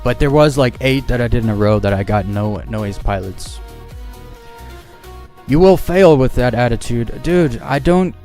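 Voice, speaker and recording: A man's voice: medium pitch, expressive, normal speed, darkish tone, faint music behind. A man streaming a game live, chatting casually and shrugging off criticism with a laugh. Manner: casual and dismissive, laughing things off.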